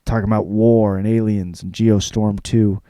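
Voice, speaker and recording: A man's voice: lowish voice, little pitch movement, moderate pace, warm tone, clean tone, no echo. A man hosting a comedic podcast, rambling and self-mocking with casual swearing. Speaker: podcast host.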